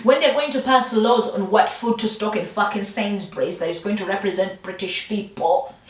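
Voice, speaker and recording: A woman's voice: mid-range voice, normal speed. Emphatic Ugandan-born woman, echoey room. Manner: emphatic, swears a lot, rhetorical questions. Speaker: vlogger. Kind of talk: passionate opinion monologue. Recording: echoey room, distant mic.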